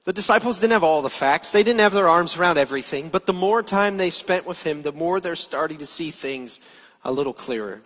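A man's voice: fairly high pitch, lively intonation, brisk, fairly bright tone. Guy preaching a sermon in a big echoey church hall, explains stuff, asks the room questions. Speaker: pastor. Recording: long hall reverb.

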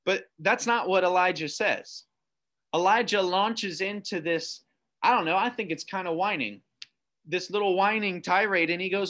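Fairly high-voiced preacher reading scripture. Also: male voice, a bit bright. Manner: reads scripture aloud, slows down for emphasis, asks the listener questions. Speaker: pastor. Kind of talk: sermon to online viewers.

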